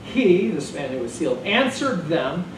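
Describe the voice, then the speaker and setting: A man preaching a sermon as pastor, animated and joking in a conversational way. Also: fairly high pitch, normal speed, noisy background. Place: church sanctuary. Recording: echoey room from far off.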